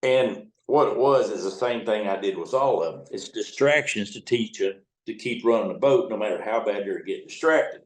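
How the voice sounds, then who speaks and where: A middle-aged riverboat captain spins long, salty anecdotes, blunt and full of cussing. His voice sits low, and the room around him echoes noticeably. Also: moderate pace, hardly any pauses. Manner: blunt and profane, rambling anecdotes. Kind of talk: casual storytelling in an interview.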